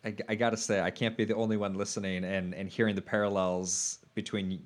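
A man with a fairly low voice hosts a conversational interview. He sounds enthusiastic and stammers slightly when he begins a sentence. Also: level tone, fairly quick. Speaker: podcast host.

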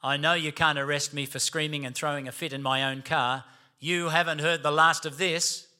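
A man's voice: fairly high pitch, fairly even intonation, normal speed, bright, forceful tone, clean tone. A man acting out an indignant young male driver who protests his arrest in a raised voice.

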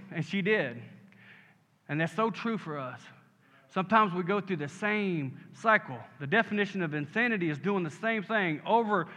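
High bright-voiced man preaching in a hall. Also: expressive, moderate pace. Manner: rising to emphatic call-and-response, asking "Amen?". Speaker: pastor. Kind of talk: sermon. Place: church sanctuary. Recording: muffled sound with long hall reverb.

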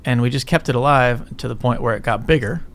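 Speaking fairly quickly at medium pitch with a somewhat bright tone, a middle-aged entrepreneur rambles casually as a business interview guest. There's slight background noise, and he swears freely while ending his points with "right?".

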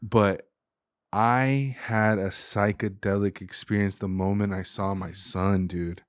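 Male podcast guest, 30s, low voice, dry close sound, earnest and emotional, casual filler-heavy speech. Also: steady tone, slow, dry recording. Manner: emotional, heartfelt, says "dude" and "like" a lot.

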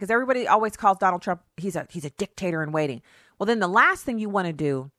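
Woman talk radio host, animated and mocking; dry, close-miked read. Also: mid-range voice, no room sound. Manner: animated, mocking, mimics opponents in sing-song voices. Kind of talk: opinionated talk radio commentary.

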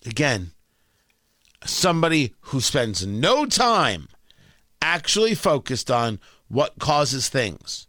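A man's voice: medium pitch, very animated, takes it slowly, pushed and bright, dry recording. A man hosting a talk radio show, delivering a blunt, opinionated monologue with sarcastic asides from a studio mic.

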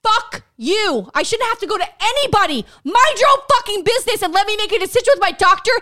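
Very high-voiced woman podcast host, angry and profane. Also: lively intonation, fast talker. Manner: profane, furious, shouting at times. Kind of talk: heated political rant.

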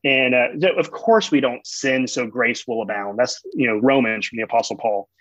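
A man with a husky, slightly breathy voice talks as an interview guest, explaining faith through stories from his own family. The recording sounds dull and dry, with no room echo. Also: medium pitch, moderate pace, a bit bright. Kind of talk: conversational theological explanation.

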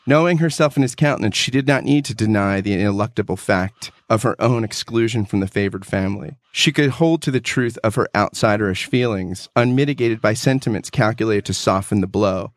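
A man in casual theological discussion who reads a passage aloud in an animated, heartfelt way. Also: medium pitch, no echo.

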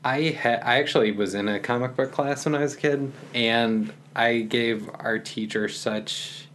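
A calm young man talking softly and unhurriedly as a podcast guest in a relaxed conversation. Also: mid-range voice, slight background noise. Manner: calm, soft-spoken, unhurried. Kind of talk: casual conversation.

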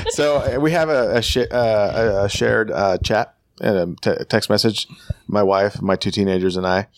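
A man in his forties telling a dry, relaxed story about his teenage son in casual chat. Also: on the low side, normal speed, dry recording.

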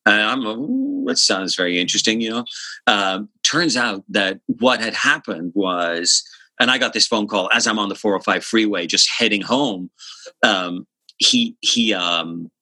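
A man's voice: fairly low pitch, unhurried, no echo, rough recording. A middle-aged man casually telling stories as a guest musician, acting out quotes and drum sounds and swearing freely. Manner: animated storyteller, mimics drum sounds and acts out quotes; swears casually, many fillers. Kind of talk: casual storytelling chat.

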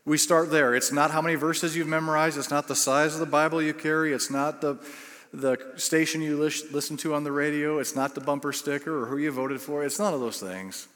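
A man's voice: a little high, steady tone, brisk, a bit bright. A male pastor preaching a sermon, telling a story and building to bursts of emphasis. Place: church sanctuary. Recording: long reverb of a church hall.

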